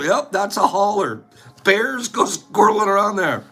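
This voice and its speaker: A man's voice: high voice, expressive, normal speed, pushed and bright, slightly rough, faint music behind. A man hosting a casual livestream chat, playful and rambling, often breaking into laughter. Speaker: host.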